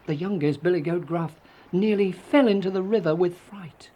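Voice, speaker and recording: A reader narrating a children's fairy tale in a gentle, storybook telling. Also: medium pitch, moderate pace.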